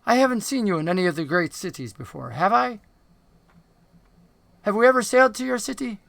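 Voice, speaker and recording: A man voicing a ghostly dark male goblin sailor who speaks in an archaic, long-winded way. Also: high voice, very animated, a little fast, creaky, no room sound, voice pushed up, full character voice. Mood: inquisitive.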